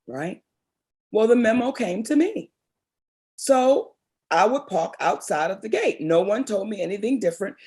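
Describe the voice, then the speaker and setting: Animated storytelling woman from Baltimore. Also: mid-range voice, moderate pace. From Baltimore, Maryland. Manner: expressive, animated storyteller, calls people baby. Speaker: comedian and actress, guest. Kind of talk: storytelling interview.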